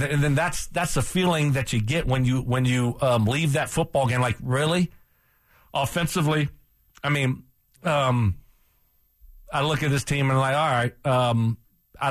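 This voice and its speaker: A man with a mid-range voice co-hosts a sports radio show, ranting heatedly and repeating himself as he talks over a loss in casual sports talk. The recording is studio quality with no echo.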